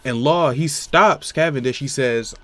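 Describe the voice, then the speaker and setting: Man, casual comic recap, rambling, lots of fillers, mid pitch. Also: measured pace, a bit bright. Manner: rambling, many fillers like "you know what I'm saying". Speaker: manga reviewer.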